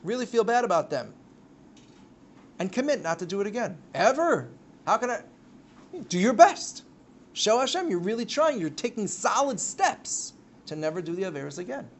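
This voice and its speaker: A man giving a live religious lecture to a class, telling stories with sudden loud bursts. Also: high-pitched, sing-song, moderate pace, long pauses. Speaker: Torah teacher.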